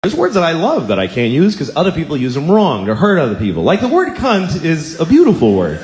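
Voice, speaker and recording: A man doing stand-up comedy, riffing quickly and breaking into sudden loud exclamations. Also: a little high, wildly swooping pitch, reverberant, noisy background.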